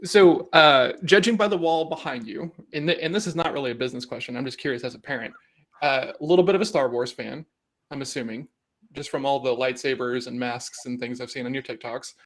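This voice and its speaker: Relaxed, curious male host. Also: mid-range voice, a little fast. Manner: relaxed, curious questioning, filler-heavy. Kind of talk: casual video chat.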